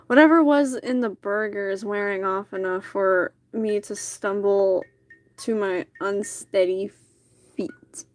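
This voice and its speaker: A woman's voice: mid-range voice, slow, dry recording, soft background music. A woman streamer reading a dating game's narration aloud, with casual asides.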